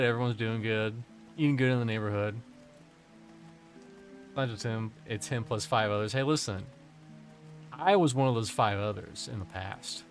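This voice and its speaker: A man streaming a video game, chatting casually and rambling with jokes and swearing. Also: mid-range voice. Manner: joking, profane, rambling. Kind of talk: casual gameplay commentary.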